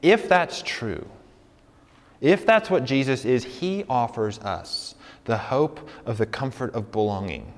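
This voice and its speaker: A male pastor giving an animated sermon, with emphatic rises and slow, deliberate readings. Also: medium pitch, in a large hall.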